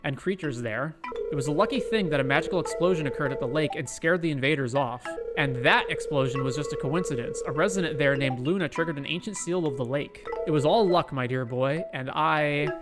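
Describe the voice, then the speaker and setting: Guy reading a strict dad sorcerer, lecturing, disappointed, loud game music behind. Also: fairly high pitch, fairly quick, natural voice. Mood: stern. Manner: stern, lecturing.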